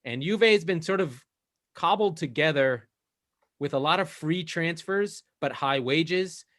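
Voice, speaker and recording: A man co-hosting a casual football podcast, animated and profane, his pitch jumping up when he makes a point. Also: a little slow. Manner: animated, profane, rising to high emphatic pitch. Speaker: podcast co-host. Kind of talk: casual sports chat.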